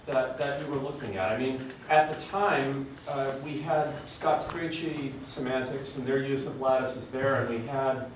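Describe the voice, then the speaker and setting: A man's voice: mid-range voice, fairly even intonation, a little slow, few pauses, a little hiss or hum. A man asking a hesitant question from the audience at a talk, with repeated words. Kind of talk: question from the floor. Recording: distant audience mic in a roomy hall.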